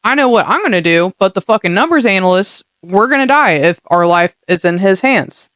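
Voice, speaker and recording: Young adult podcast host, casual pep talk, swears a lot, streetwise slang, clear smooth voice, dry sound. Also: mid-range voice, lively intonation, brisk, fairly bright tone, no echo. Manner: blunt, heavily profane, streetwise slang. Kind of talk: casual motivational monologue.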